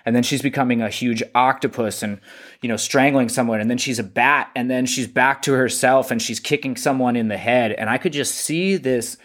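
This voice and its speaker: A man's voice: mid-range voice, fairly quick, a bit bright. A man co-hosting a casual chat, enthusiastically retelling scenes from a comic in detail. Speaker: podcast co-host.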